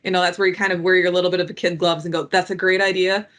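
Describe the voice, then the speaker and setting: A woman talking as a guest on a work podcast, animated and acting out what colleagues say. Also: on the low side, rapid-fire. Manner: animated, acts out quoted colleagues in lively voices. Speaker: project delivery guest. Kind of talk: conversational podcast talk.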